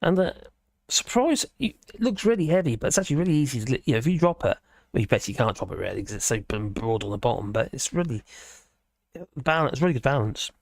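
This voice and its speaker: A man's voice: medium pitch, very animated, fast, gravelly, no room sound. A man hosting a casual live stream, chatting in a rambling way and reacting to viewers' comments with chuckles. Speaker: livestream host.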